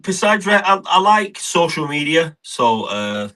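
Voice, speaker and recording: A young man, a wrestler guest on a podcast, chatting in an easygoing, halting way. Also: fairly high pitch, big pitch swings, sharp tone. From England. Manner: easygoing, halting, with many restarts. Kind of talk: casual chat.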